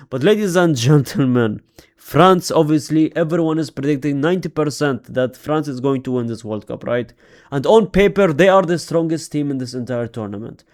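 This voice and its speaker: A young man hosts a casual football predictions vlog in an animated way, his voice a touch higher than most men's. He keeps addressing his viewers directly and swings between loud bursts and quieter asides. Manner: animated, swings loud and soft, repeats ladies and gentlemen. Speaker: football vlogger.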